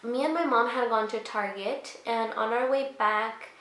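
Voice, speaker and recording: A woman's voice: a little high, steady tone, moderate pace, a bit bright, reverberant. A young woman vlogger telling a personal story in a casual, rambling way, full of fillers. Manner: rambling, many fillers, emotional retelling.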